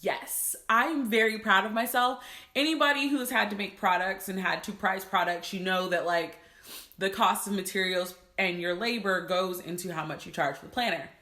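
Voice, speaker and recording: A woman from the United States chats casually to her viewers, her voice bright and forward. She sounds emotional and proud. The room around her is echoey. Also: on the low side, normal speed. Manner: emotional, laughing, fighting tears. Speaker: planner maker and content creator. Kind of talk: casual vlog talk to viewers.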